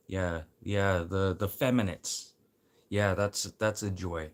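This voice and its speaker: Deep-voiced guy, blunt and rambling, swears constantly in a loose rant. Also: fairly even intonation, slow pace. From Manitoba. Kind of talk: casual rant.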